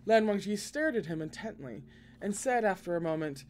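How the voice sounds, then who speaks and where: A man reads a novel aloud with expressive delivery, breaking in with excited asides now and then. His voice sits fairly high for a man. Faint noise runs underneath. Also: normal speed. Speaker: podcast reader. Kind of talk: reading a novel aloud with reactions.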